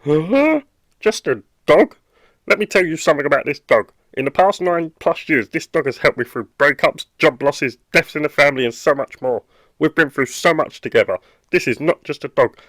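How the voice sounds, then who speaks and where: A man's voice: medium pitch, animated, fairly quick, hardly any pauses, a bit bright, no room sound, close to an everyday voice. A man voicing a blunt, short-tempered dog owner in a cartoon, speaking with a British accent. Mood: defensive. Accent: British English. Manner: blunt and exasperated. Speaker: cartoon character. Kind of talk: animated comedy dialogue.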